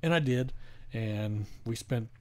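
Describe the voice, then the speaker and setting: A man hosting a casual podcast chat, relaxed and reflective, chiming in with laughs. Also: mid-range voice, takes it slowly.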